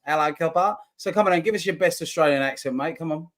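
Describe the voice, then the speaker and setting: A man co-hosting a laid-back football chat show with a bright, forward voice pitched a little high. He jokes and teases in a matey way. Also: rapid-fire. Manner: joking banter, matey. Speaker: co-host.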